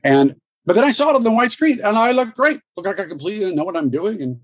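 A man, a guest actor, telling stories in an interview, animated and laughing, with many restarts. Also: sits high, quick pace, dry recording, highs cut off. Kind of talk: storytelling interview.

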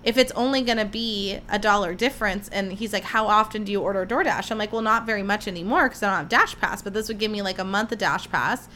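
A woman's voice: mid-range voice, fast talker, hardly any pauses, sharp tone, a little hiss or hum. A young woman hosting a casual solo podcast, telling chatty, gushing stories and acting out what people said. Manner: chatty, gushing storyteller who acts out quotes. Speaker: podcast host.

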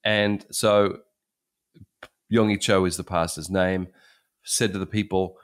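A low-voiced man in his sixties gives a sermon in an easy, chatty storytelling manner. He often circles back and restarts his phrases, and his deep voice stays unhurried. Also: fairly even intonation, clean tone. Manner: conversational, repeats and restarts phrases. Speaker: pastor.

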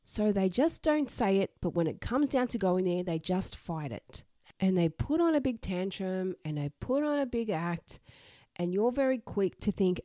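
A woman's voice: medium pitch, lively intonation, moderate pace, mellow, dry recording, studio quality. A woman, hosting a solo parenting advice podcast in a frank, direct way. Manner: direct, frank, swears casually. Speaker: podcast host.

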